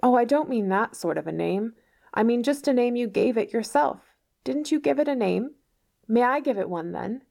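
A woman's voice: on the high side, expressive, normal speed, gravelly, mellow, voice pushed up. A woman reading aloud as a dramatic, imaginative orphan girl, with a theatrical, pleading manner. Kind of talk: read-aloud novel dialogue.

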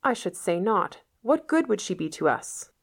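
A woman's voice: medium pitch, very animated, normal speed, gravelly, voice pushed up. A woman reading as a stern, scolding spinster. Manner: curt, wrathful, scolding. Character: stern, sharp-tongued middle-aged spinster.

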